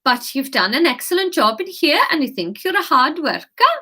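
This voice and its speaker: A woman voicing a brisk, kind female kitchen boss with an attempted Swedish accent. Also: sits high, sing-song, sharp tone, pitched above the performer's own voice, heavily acted. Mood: approving. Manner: nodding, sing-song put-on accent.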